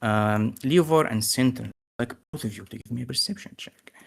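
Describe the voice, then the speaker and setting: A man with a gravelly voice narrating as game master, hesitant with many fillers. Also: medium pitch, brisk, a bit bright.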